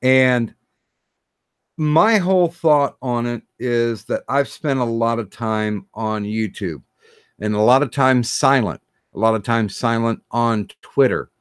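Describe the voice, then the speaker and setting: Halting male podcast host, dry sound. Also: mid-range voice, clean tone, dry recording. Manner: halting, many fillers and restarts. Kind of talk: casual podcast chat.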